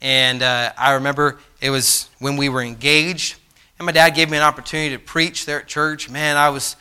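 A middle-aged man preaching a sermon, telling a personal story with animated swings from soft to loud, passionate outbursts. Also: on the high side, normal speed, smooth. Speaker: pastor.

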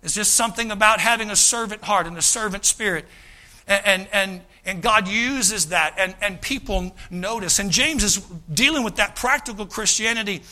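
Animated, bright-toned preacher man. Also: sits high, moderate pace. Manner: animated, folksy, acts out quoted voices, many repeated starts. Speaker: pastor. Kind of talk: sermon.

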